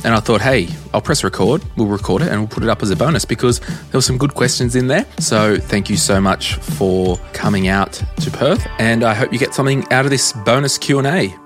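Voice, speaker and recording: A man's voice: medium pitch, brisk, soft background music. A man with an Australian accent hosting a casual money podcast, chatty and encouraging. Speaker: podcast host.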